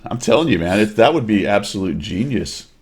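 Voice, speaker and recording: A man's voice: fairly low pitch, animated, a little fast, a little mellow, breathy edge. A man hosting a casual gaming talk show, laid-back and rambling, often enthusiastic. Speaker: podcast host.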